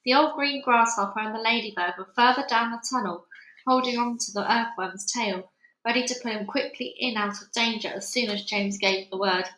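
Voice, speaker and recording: Bright-voiced woman reading a storybook aloud. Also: a little high, normal speed. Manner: lively expressive storytelling. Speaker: children's book reader. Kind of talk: reading a children's book aloud. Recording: echoey room.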